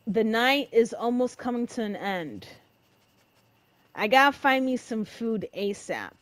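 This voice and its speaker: A young woman giving emotional, dramatic let's-play commentary in casual slang, reacting loudly to what happens in the game. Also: fairly high pitch, big pitch swings, a little slow, dry recording. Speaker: gamer.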